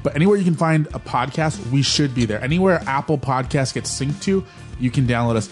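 A man's voice: medium pitch, brisk, faint music behind. A man co-hosting a podcast in casual chat, joking and telling rambling stories. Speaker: podcast co-host.

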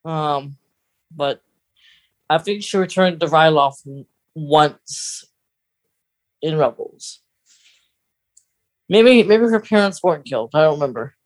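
Brief: mid-pitched co-host, chatty and giggly, dry sound. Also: lively intonation, dry recording. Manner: chatty, giggly, quick interjections. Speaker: podcast co-host. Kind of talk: casual chat.

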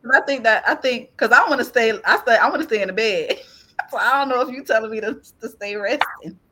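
A woman guest on a podcast, sharing a personal faith testimony in an animated, laughing, tearful storytelling way. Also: on the high side, fast. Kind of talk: testimony in casual chat.

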